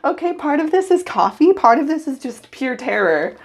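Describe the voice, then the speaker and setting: Very animated and high-voiced, this young woman speaks at a normal speed. She's a hairstylist vlogging casually to her phone in her home bathroom, nervous and giggly as she talks to herself.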